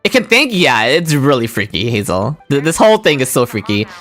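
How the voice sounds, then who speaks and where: A woman streaming a game, chatting excitedly and voicing the characters' lines herself. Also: a bass voice, fairly quick, faint music behind. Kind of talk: game stream, reading dialogue aloud.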